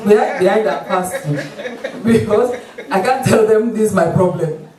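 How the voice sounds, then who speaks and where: A doctor, an obstetrician from Nigeria with a Nigerian accent, giving a lively community health talk and mimicking patients and doctors along the way. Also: mid-range voice, a little slow, a crowd in the background. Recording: roomy hall, voice from far off the mic.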